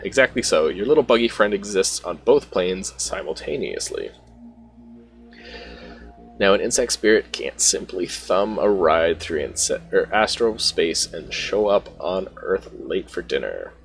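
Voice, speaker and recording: A man reads the part of a sly, knowing painted elf from a role-playing game who lectures the others. The voice is low and gravelly with a lively pitch. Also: a little slow, faint music behind, heavily acted. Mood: wry. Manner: reads game dialogue aloud without doing a voice.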